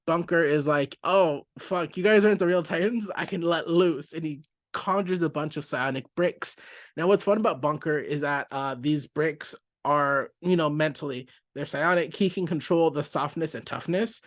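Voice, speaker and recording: A man's voice: fairly high pitch, no room sound, studio quality. A man hosting a casual comic book review, talking in a chatty, self-interrupting way and laughing easily. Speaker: comic book podcast host.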